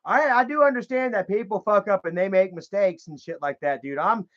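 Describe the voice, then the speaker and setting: On a muffled, lo-fi recording, a commentary vlogger with a high, slightly bright voice talks a little fast. He clicks through online pages, swearing and heatedly venting to his audience.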